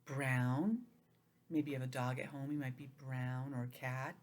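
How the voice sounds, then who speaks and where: A woman teaching an online lesson to young children, gentle and expressive, acting out feelings in a sing-song way. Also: a bass voice, a little slow. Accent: New England.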